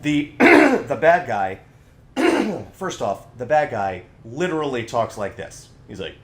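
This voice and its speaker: A man co-hosting a podcast in casual chat, ranting with animated energy. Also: mid-range voice, slow pace, slight background noise. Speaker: podcast co-host.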